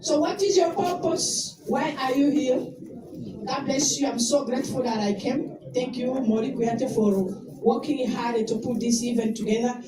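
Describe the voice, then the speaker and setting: A woman from Rwanda giving an emotional tribute speech at a memorial, rising at times to loud exclamations. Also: high voice, unhurried. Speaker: invited speaker at a memorial. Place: indoor event hall. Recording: echoey hall recorded from far off with crowd. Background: crowd of attendees.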